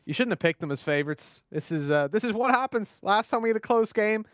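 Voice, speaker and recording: A man's voice: high voice, lively intonation, fast, dry recording, studio quality. A man with an Irish accent, commentating an esports match in a chatty, joking way with frequent laughs. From Ireland. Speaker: esports caster.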